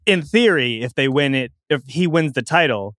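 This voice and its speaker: A man's voice: mid-range voice, expressive, moderate pace, fairly bright tone, no echo, clean studio sound. A young man hosting a casual talk show, rambling along with restarts and chuckles. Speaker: show host. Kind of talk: casual wrestling talk chat.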